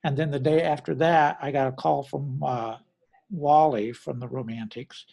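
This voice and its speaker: This man has a medium-pitched, steady, darkish voice with vocal fry, speaking at normal speed. He's a middle-aged Midwestern drummer in an interview, casually rambling through anecdotes with acted quotes and frequent self-corrections.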